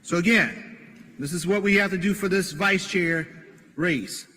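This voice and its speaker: A man reading a prepared procedural statement as a party official, formal with some halting restarts. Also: high-pitched, pushed and bright. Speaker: party official announcing election rules. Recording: clip with long hall reverb.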